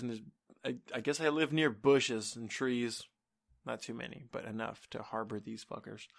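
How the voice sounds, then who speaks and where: A man's voice: mid-range voice, fairly bright tone. A man hosting a solo comedy podcast from his apartment, rambling and swearing with lots of fillers. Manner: rambling and profane, with many fillers. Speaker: podcast host. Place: home apartment. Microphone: desk microphone.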